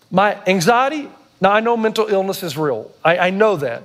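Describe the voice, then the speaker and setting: A man preaching a sermon, swinging between hushed low passages and high, emphatic peaks. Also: lively intonation, normal speed. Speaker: pastor.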